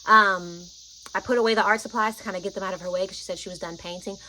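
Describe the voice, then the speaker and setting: A woman vlogger telling a personal story, chatty and animated, often saying "like" and "y'all". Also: mid-range voice, quick pace, slight background noise, low-quality recording.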